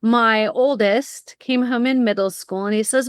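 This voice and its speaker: A middle-aged woman talking as a podcast guest, lively and confident, about her consulting work. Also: fairly high pitch, moderate pace, few pauses, clean tone, dry recording, studio quality. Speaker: guest, college planning consultant. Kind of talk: casual interview. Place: home in Southern California.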